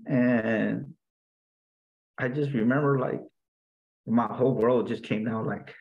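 Gravelly man telling a personal story. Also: mid-range voice, fairly even intonation, lo-fi sound. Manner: halting, with many restarts and fillers; earnest, reflective recounting. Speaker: interview guest.

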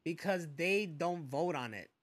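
A man's voice: fairly high pitch, unhurried. A young man co-hosting a casual podcast, talking in a joking, loose way. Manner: joking, animated, slips into put-on voices. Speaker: podcast co-host.

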